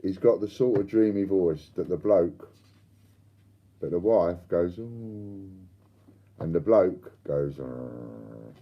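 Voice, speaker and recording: A man's voice: low voice, a little slow, highs cut off. An older man hosting a live stream, chatting and bantering with viewers and reading out their comments. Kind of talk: casual chat to live viewers.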